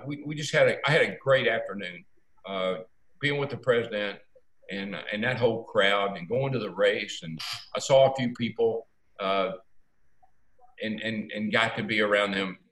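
Older male storyteller, folksy and animated, echoey room. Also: fairly low pitch. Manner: folksy, animated, acts out quotes. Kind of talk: casual storytelling.

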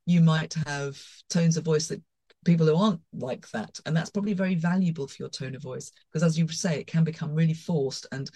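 A woman, a former marketing director, chatting as a guest on a podcast in a lively way, acting out reactions as she talks. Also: low-pitched, a little fast. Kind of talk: casual podcast discussion.

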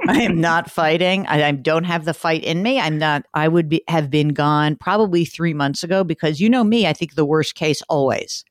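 A woman hosting a radio call-in advice show, talking in a blunt, ranting, lively way. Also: low voice, normal speed, no room sound.

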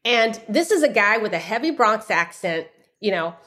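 A middle-aged woman from San Francisco, a guest author in an interview, telling a personal story with animated delivery and acting out other people's voices. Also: medium pitch, normal speed. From San Francisco, USA. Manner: animated, acts out the voices of people in her stories.

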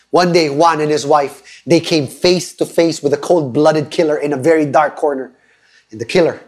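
A man's voice: a little high, husky. Male preacher, 30s, online sermon, earnest and emphatic storyteller. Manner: earnest, emphatic, asks listeners to type responses.

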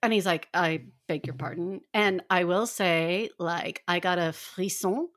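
A woman with a lowish, slightly bright voice speaks at an unhurried pace. She co-hosts a casual fan podcast, talking animatedly and performing characters' lines as she retells scenes.

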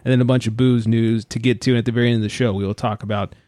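A man hosting a casual beer-tasting podcast, laid-back and quick to laugh, swearing now and then. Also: mid-range voice, fairly even intonation, darkish tone, no echo. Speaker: podcast host.

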